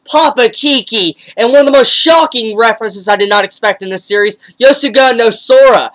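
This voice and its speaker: Rambly hyped anime reviewer, casual episode chat, lots of ums and sudden squeaky jumps. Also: low-quality recording. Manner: excitable and gushing, with sudden jumps in pitch; rambling, with frequent fillers and restarts.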